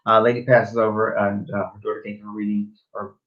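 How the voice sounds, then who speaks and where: A man's voice: on the low side, level tone, a little fast, lo-fi sound. A man co-hosting a talk show as a spiritual medium, telling rambling anecdotes full of fillers and restarts. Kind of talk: casual storytelling chat.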